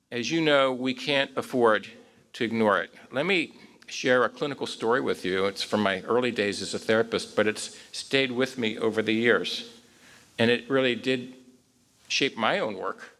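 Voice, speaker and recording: A man's voice: mid-range voice, fairly bright tone. A man in his sixties, a psychologist giving a conversational conference talk, telling a clinical story with wry, self-deprecating humor and frequent fillers.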